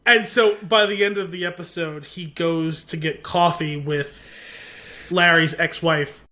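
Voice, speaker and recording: A podcast co-host with a slightly high voice speaks a little slowly as he casually recaps a TV episode. His retelling is animated, full of quoted lines and lots of "like" fillers.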